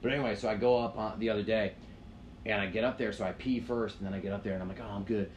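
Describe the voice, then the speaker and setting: Speaking rapid-fire in a lowish, steady voice, a man co-hosting a podcast rambles through a lengthy story in relaxed chat. Expect swearing, constant "like" fillers, and a bit of background noise.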